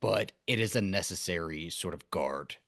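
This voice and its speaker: A man's voice: deep voice, animated, moderate pace, gravelly, fairly bright tone, no echo, clean studio sound. A man guesting on a casual show review, thinking aloud with hesitant restarts and questions.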